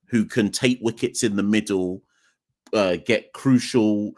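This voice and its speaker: A man's voice: fairly low pitch, a little slow, darkish tone. A man hosting a live cricket podcast, talking emphatically, repeating his points and speaking straight to the chat. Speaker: podcast host. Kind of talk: live-streamed call-in commentary.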